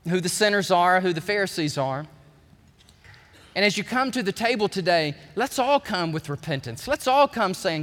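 Animated pastor preaching in a hall. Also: male voice, high-pitched. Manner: animated, folksy, acts out quoted voices. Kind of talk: sermon. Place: church sanctuary. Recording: long hall reverb.

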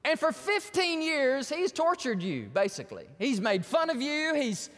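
A man's voice: very high-pitched, big pitch swings, moderate pace, a bit bright, in a large hall. A man preaching a sermon as pastor, telling stories animatedly and acting out the voices of the people in them.

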